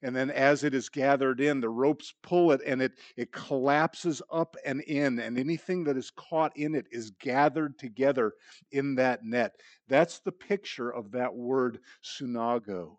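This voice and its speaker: A man's voice: mid-range voice, measured pace, dry recording. A man preaching an expository sermon, teaching earnestly, asking rhetorical questions and restarting with repeated words. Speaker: pastor.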